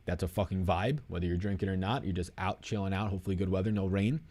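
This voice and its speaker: A man's voice: sits low, fairly even intonation, fast talker, a little mellow. A young man hosting a live stream, casually answering chat questions in a rambling, swearing, off-the-cuff way.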